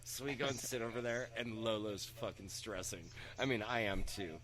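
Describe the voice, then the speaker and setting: A young man on a podcast spins a rambling anecdote in a bright, forward voice, jumping up in pitch whenever he quotes someone else. His talk is loose and profane, full of fillers. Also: normal speed, slight background noise. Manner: animated anecdote-telling, swearing, acting out quotes with raised pitch. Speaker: podcast co-host. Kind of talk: casual storytelling chat.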